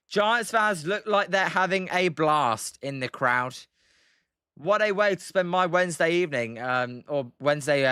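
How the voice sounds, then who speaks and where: A British man calling baseball play-by-play on a live stream in a chatty, casual way, stopping between pitches to answer viewers' chat. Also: pushed and bright, smooth, no echo, clean studio sound. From Britain.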